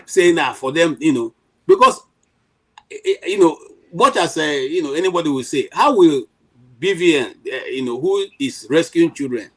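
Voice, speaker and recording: A middle-aged Nigerian man speaks with a fairly high voice and plenty of fire. He argues his point emphatically on a panel, often restarting his sentences and filling gaps with "you know". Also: lively intonation, normal speed, fairly bright tone, low-quality recording. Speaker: panel commentator. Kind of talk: impassioned political commentary.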